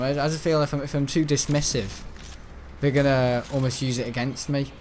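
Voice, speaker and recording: A man's voice: medium pitch, a little fast, soft background music. Chatty young guy rambling. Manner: chatty, storytelling, mimics the people he talks about. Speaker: gaming channel host. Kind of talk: casual rambling chat over gameplay.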